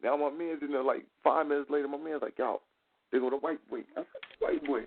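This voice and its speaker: A man hosting a casual talk show, telling a profane, animated street-slang story. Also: on the high side, fast talker, creaky, a little hiss or hum. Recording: tinny phone-like sound.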